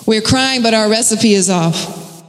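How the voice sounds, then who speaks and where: A woman's voice: on the high side, unhurried. A woman preaching a sermon with rhythmic repetition and folksy, conversational asides. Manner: rhythmic, repeating phrases for emphasis. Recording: echoey hall with long reverb.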